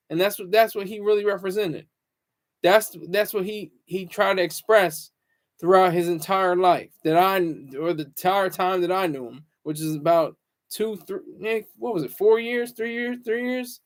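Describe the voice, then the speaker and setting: A man hosting his own talk show, speaking in a halting, rambling way with lots of repeated words and fillers, earnest and reflective. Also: sits high. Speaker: show host. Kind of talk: solo talk-show monologue.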